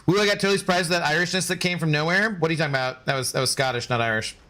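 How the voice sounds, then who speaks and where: A man's voice: fairly high pitch, racing, sharp tone. A man live-streaming a game, joking and bantering as he answers his chat. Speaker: gaming streamer.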